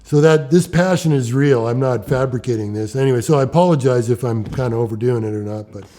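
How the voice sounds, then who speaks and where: Brief: middle-aged man, mellow dark voice, animated storyteller who restarts his sentences. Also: medium pitch, fast talker. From Ontario, Canada. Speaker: rock climber interviewee.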